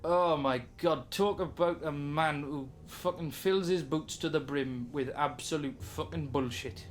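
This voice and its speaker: A man voicing a brash, foul-mouthed male adventurer who speaks loudly and bluntly. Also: on the high side, a little slow, soft background music, close to an everyday voice. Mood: scornful. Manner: loud, swearing, blunt.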